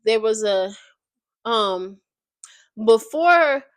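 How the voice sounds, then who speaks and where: A woman's voice: a little high, very slow, dry recording. Slangy woman recapping a book. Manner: slangy, animated retelling. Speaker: video creator.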